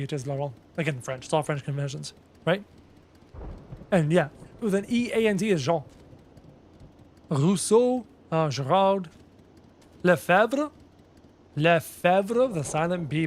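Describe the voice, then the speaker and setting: On a casual game stream, a Canadian man with a somewhat high, slightly mellow voice talks with his viewers. He mutters while reading lists out loud. Faint music plays in the background.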